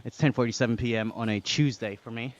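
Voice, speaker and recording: An Australian man with a medium-pitched voice talks fast while streaming live as he cycles, and the audio has its highs cut off. Relaxed and chatty, he reads out chat and laughs often.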